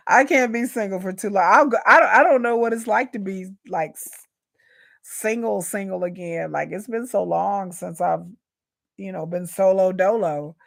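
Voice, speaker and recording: Frank, chatty woman with a gravelly voice. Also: medium pitch, a little slow, fairly bright tone, dry recording, clean studio sound. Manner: chatty, frank, repeats and restarts; addresses viewers as "y'all". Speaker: YouTube reaction host. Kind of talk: candid personal rant.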